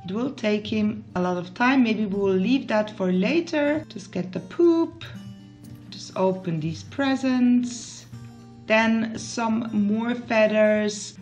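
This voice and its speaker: A woman's voice: a little high, takes it slowly, a little mellow. A woman from Switzerland giving casual let's play commentary, chatting to her game characters with emotional outbursts. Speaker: gaming YouTuber. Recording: faint background music.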